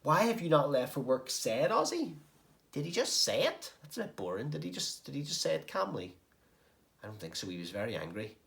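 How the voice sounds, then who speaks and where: A man's voice: mid-range voice, huge pitch swings, a little fast, vocal fry, fairly bright tone. A man teaching a recorded writing lesson to young pupils, explaining step by step and encouraging them. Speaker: primary school teacher. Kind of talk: recorded home-learning lesson.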